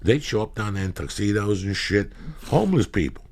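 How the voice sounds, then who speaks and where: A man hosting a podcast, telling profane comedic stories in rambling anecdotes with loud bursts of emphasis. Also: on the low side, animated, a little fast. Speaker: podcast host.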